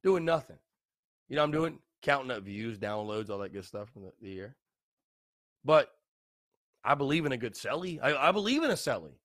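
Brief: young guy, tipsy podcast host, lively up-and-down pitch, rambling repeats, dry close sound. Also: normal speed, pauses often, no echo. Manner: rambling, repetitive, loose and tipsy. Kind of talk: casual solo podcast talk.

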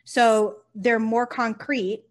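A woman, a nurse and company founder, talking casually in an interview and telling stories with lively, acted-out quotes. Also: on the high side, slow. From United States. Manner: animated storyteller, acts out quotes, swears casually.

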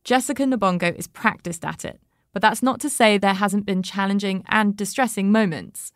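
A woman hosting a podcast, reading scripted narration and asking interview questions in a measured, reflective way. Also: medium pitch, dry recording, studio quality. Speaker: podcast host.

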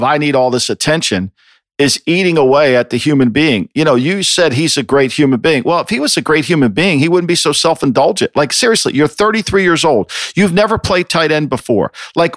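A man's voice: a little high, fairly bright tone, no room sound, clean studio sound. A man co-hosting a sports podcast, ranting with exasperation and swearing freely. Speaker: podcast co-host. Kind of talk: heated sports opinion talk.

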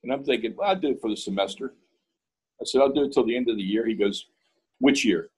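A man's voice: medium pitch, fast talker, a little mellow, slightly rough, rough recording. A man from Pittsburgh, a guest in an interview, telling a story in a casual way and acting out both sides of the dialogue.

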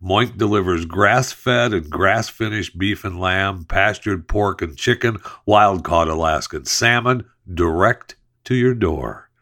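A man's voice: low voice, takes it slowly, hardly any pauses, bright, forceful tone. A man hosting a talk show, reading an ad in a loose, jokey way and then talking sports news. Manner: loose, jokey, playful asides. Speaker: podcast host. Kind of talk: casual sports talk with host-read ad.

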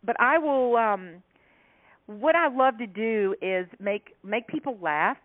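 A woman's voice: fairly high pitch, takes it slowly. Laughing woman humorist on a phone line. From South Carolina, US. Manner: animated, laughing storyteller. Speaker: author and humorist guest. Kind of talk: storytelling interview chat.

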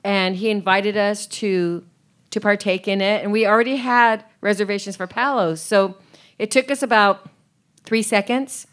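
A woman chatting on a live podcast panel, talking warmly and laughing often. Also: medium pitch, steady tone, moderate pace. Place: theater on a cruise ship, live audience.

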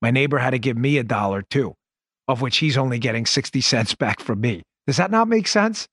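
A man hosting a political commentary show, talking in an animated, sarcastic and emphatic way. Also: medium pitch, brisk, dry recording, clean studio sound. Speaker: podcast and radio host.

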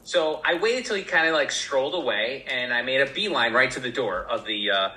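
A man telling a story as a podcast guest in a casual, animated way, acting out the voices of the people in it. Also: mid-range voice, brisk, reverberant, poor audio. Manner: animated, acts out voices in quotes.

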